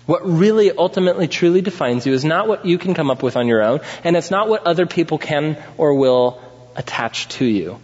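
A man preaching a sermon, putting questions to the congregation and building to loud, emphatic peaks. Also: on the high side, animated, fairly quick. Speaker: pastor. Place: church sanctuary. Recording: dull sound in a reverberant hall.

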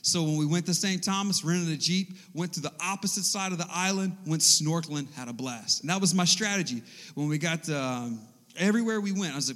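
A man preaching a sermon in a church hall, telling a personal story in an animated, conversational way. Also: fairly high pitch, fairly quick. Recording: echoey hall.

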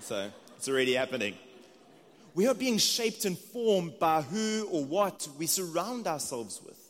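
South African preacher in a reverberant hall. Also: male voice, a little high, sing-song, a little slow. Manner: conversational, earnest, with restarts and asides. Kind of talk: sermon. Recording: long reverb of a large hall.

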